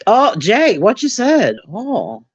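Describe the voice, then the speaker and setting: Loud brash woman in her fifties. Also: on the high side, huge pitch swings, slow pace, husky, dull audio. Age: 50s. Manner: loud, brash, profane, teasing and roasting. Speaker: livestreamer chatting with viewers. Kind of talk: casual live-stream chat. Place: her own room. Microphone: own desk mic.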